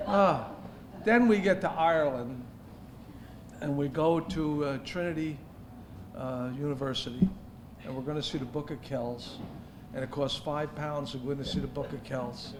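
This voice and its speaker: A man's voice: on the high side, unhurried, long pauses, noisy background. Man telling a teasing gala story. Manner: jokey, teasing anecdote with laughs. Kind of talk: storytelling toast. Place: banquet hall at an evening gala.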